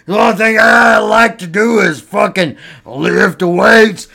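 A man voicing a loud, dim-witted male wrestler who shouts in a gravelly growl. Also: high voice, takes it slowly, very noisy, heavily acted. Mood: bellowing. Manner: bellowing, growled catchphrases.

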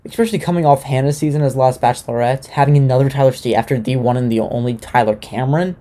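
A young man talking loosely and sarcastically, like a podcast host recapping television. His voice is mellow and dark, sitting at a middle pitch. He drops in a curse now and then without much fuss. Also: fast, few pauses. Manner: loose, sarcastic, swears casually. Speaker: podcast host recapping a reality dating show. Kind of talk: casual chat.

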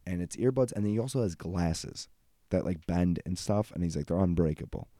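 Low-voiced man rambling on a podcast. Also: expressive, moderate pace, dark tone, no echo, studio quality. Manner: rambling, loose and profane. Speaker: podcast host. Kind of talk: casual solo podcast chat.

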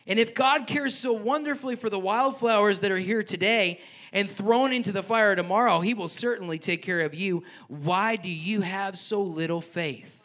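A man's voice: sits high, normal speed, fairly bright tone. A man preaching a sermon as pastor, reading scripture and joking with the congregation, with a passionate delivery. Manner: passionate, joking asides, reads scripture aloud.

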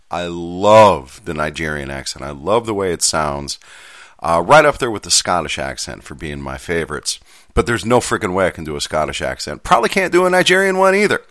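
A man's voice: fairly low pitch, sharp tone, no room sound, studio quality. A man hosting a casual show, reading out contract text and chatting about it in a self-deprecating way. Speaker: host.

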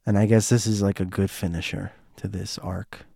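A man with a low, hoarse voice tells a personal story straight to his listeners. He rambles and circles back, mixing earnest feeling with quick jokes. The recording is dry and close, with no room sound. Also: little pitch movement, mellow, dry recording. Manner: rambling, restarts often, heartfelt and joking. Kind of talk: casual personal storytelling monologue.

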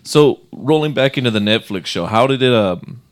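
A man hosting a casual podcast, asking questions in a relaxed, jokey way and laughing along with his guest. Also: mid-range voice, normal speed. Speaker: podcast host. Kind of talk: casual interview chat.

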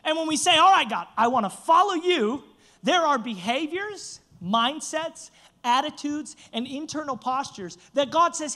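A man's voice: very high voice, a little slow. Young guy preaching, jokes on himself, voice jumps all over. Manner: animated, self-mocking storyteller. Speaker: pastor. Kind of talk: sermon with humorous storytelling.

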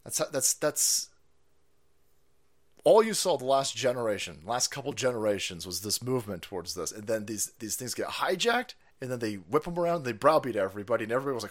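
A man hosting a livestream, ranting in a foul-mouthed, animated way and laughing often. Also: mid-range voice, a little fast. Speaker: livestream host.

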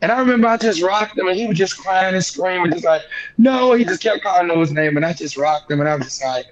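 A young man speaks in a fairly high voice, retelling a hard moment as an interview guest. He talks with feeling and acts out the quoted lines. The sound is dull and lo-fi. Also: fast talker, a loud crowd. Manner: emotional, animated retelling with quoted dialogue. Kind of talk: casual conversational storytelling.

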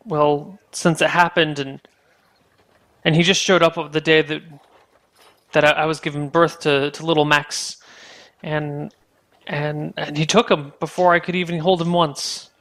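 A man voicing a young village mother, halting and stammering as she pleads about her stolen baby. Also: fairly high pitch, flat delivery, fairly bright tone. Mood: distressed.

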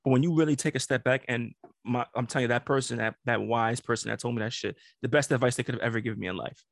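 A man's voice: mid-range voice, fast, gravelly, dry recording, clean studio sound. A man co-hosting a podcast, talking casually and reflectively with some profanity. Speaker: podcast co-host.

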